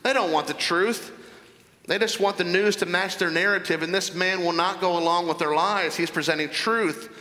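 A man preaching a sermon, working through scripture verse by verse with emphatic asides. His voice sits high and has a bright, forceful edge. The sound carries a long hall reverb. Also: moderate pace. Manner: expository preaching, reading scripture aloud with emphatic commentary. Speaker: pastor.

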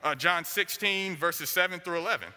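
A man's voice: sits high, moderate pace, sharp tone. A man preaching a sermon, driving his points home with short, repeated declarations. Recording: long hall reverb.

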